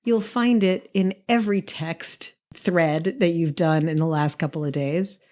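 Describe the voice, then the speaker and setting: A woman's voice: fairly low pitch, a little slow, dark tone. A woman from New York co-hosting a podcast, telling stories in a casual chat and laughing often. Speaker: podcast co-host.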